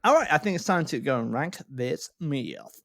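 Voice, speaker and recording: A man's voice: medium pitch, big pitch swings, normal speed, creaky, loud music behind the voice. A man co-hosting a comedy podcast, chatting playfully with rambling jokes. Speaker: podcast co-host. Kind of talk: comedic casual chat.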